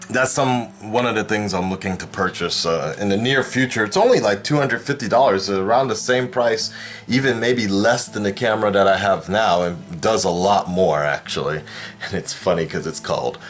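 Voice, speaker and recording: A man's voice: on the low side, normal speed, a bit bright, soft background music. A man hosting his own vlog in casual chat, projecting his voice toward a camera mic some distance away and rambling with lots of fillers and restarts. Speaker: YouTube reaction host.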